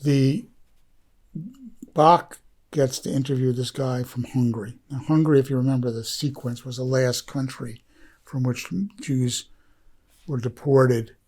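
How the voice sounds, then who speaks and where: A man's voice: medium pitch, steady tone, measured pace, a little mellow. A man who is a guest on a podcast, telling a story in a rambling, heartfelt way, full of fillers and restarts. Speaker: podcast guest, documentary filmmaker. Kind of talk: casual storytelling.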